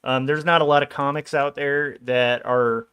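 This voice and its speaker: A man's voice: mid-range voice, steady tone, normal speed, fairly bright tone, clean tone. A man in his forties, an illustrator chatting casually on a livestream while he draws, loose and rambling with small jokes. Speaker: illustrator streaming his drawing work.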